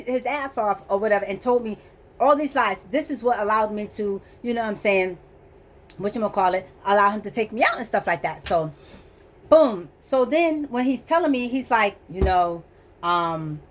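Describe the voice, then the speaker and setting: A woman tells a chaotic personal story straight to her audience, animated and laughing as she goes. Her voice sits a little high for a woman. She slips into quick impressions of the people she quotes. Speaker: vlogger telling a personal story. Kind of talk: casual storytelling.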